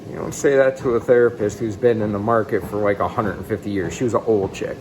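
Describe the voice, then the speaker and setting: A man in his thirties telling his own life story in a blunt, casual way. He swings between excited outbursts and quiet, low asides. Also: fast talker, background noise. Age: 30s. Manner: blunt and casual, with some swearing. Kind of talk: candid personal storytelling.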